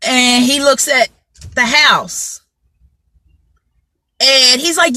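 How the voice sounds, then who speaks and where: A woman's voice: sits high, slow pace, pauses often, pushed and bright, no echo. A woman telling a story to her viewers in casual chat, often asking "you know what I'm saying" and greeting people by name. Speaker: motivational vlogger.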